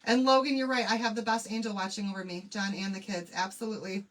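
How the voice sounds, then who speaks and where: A middle-aged woman talks fast in a mid-range voice whose intonation stays fairly even. On her crafting livestream she chats with viewers, calls them "y'all," and tells an emotional personal story alongside the tutorial. Faint background noise can be heard.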